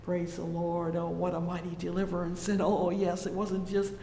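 A preacher delivering a fervent sermon, repeating "oh, yes" and "praise the Lord" and swelling loudly on the exclamations. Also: completely flat delivery, normal speed. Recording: echoey hall with faint rumble.

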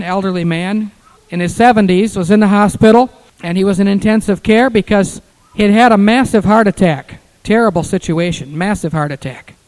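A man's voice: high voice, poor audio. A male pastor telling stories in an earnest sermon, rising to fervent peaks. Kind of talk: sermon storytelling.

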